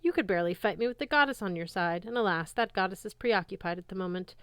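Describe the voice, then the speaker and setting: A woman's voice: medium pitch, quick pace, fairly bright tone, clear, resonant tone, no room sound, close to an everyday voice. Woman voicing a gloating French-accented monster villain. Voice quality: gloating, menacing. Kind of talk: audiobook character voice.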